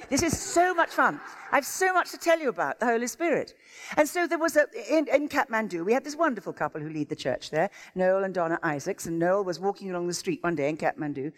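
A woman preaching a sermon as a visiting speaker, telling stories with enthusiasm and exclamations. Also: mid-range voice. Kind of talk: sermon with storytelling. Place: church sanctuary. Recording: long church-hall reverb.

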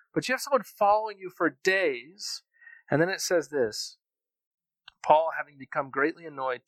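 A man's voice: on the high side, a bit bright, no echo, poor audio. A man preaching a sermon in a conversational way, reading scripture and adding casual asides. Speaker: pastor.

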